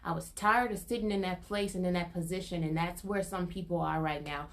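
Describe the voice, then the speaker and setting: A woman's voice: on the low side, fairly even intonation, brisk. A young adult woman sharing an informal prophetic testimony, earnest and repetitive, her intensity building as she goes. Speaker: prophetic minister.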